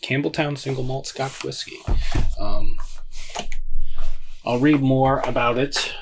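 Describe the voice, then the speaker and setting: A man's voice: medium pitch, takes it slowly, noisy background. A man hosting a casual solo whisky review, rambling and hesitant with plenty of fillers and self-deprecating asides.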